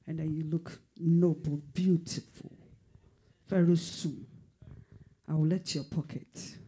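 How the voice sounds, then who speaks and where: A fervent male pastor delivering prophecy with a dark, husky tone. He repeats his phrases for emphasis and at times sinks to a whisper. His pitch sits somewhat high for a man. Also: little pitch movement, takes it slowly. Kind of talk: prophetic sermon.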